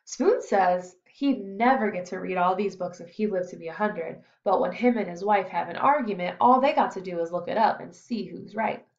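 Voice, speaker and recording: A woman's voice: mid-range voice, normal speed, few pauses, a little mellow, lo-fi sound, close to an everyday voice. A woman voicing a friendly, chatty teenage boy who works as an assistant trainer.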